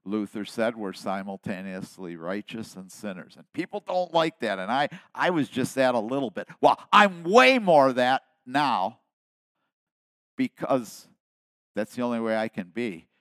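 A man in his seventies preaching a sermon, dropping to hushed asides and then rising to loud, emphatic declarations. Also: medium pitch, expressive, unhurried, no room sound. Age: 70s. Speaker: pastor.

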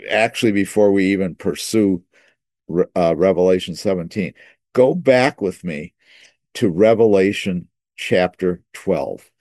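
Low-voiced man teaching scripture. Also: a little mellow, no room sound, clean studio sound. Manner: repeats words while thinking, slows for key phrases. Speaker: preacher. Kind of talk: sermon-style Bible teaching.

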